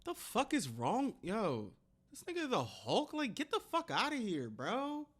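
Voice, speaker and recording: A man's voice: high-pitched, huge pitch swings, measured pace, a bit bright, slightly rough. Incredulous man reacting with blunt outbursts. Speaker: reaction video host. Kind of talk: casual reaction commentary.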